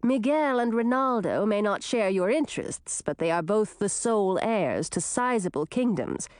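A woman's voice: medium pitch, expressive, darkish tone, no echo, clean studio sound, natural voice. A woman voicing a composed queen who firmly scolds her two daughters. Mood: reproving. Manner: firm, measured.

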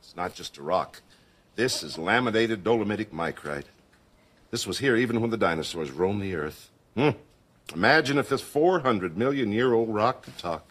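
Sage sitcom neighbor, deep husky voice, lively intonation, erudite. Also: male voice, moderate pace. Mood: thoughtful. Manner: thoughtful, erudite, gently advising. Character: wise, philosophical male neighbor, middle-aged.

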